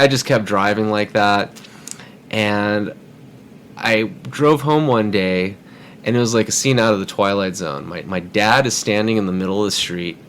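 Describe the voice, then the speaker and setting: A man's voice: on the low side, fairly bright tone, a little hiss or hum. Rambling man telling a car story. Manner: rambling, with stammered repeats. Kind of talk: casual storytelling.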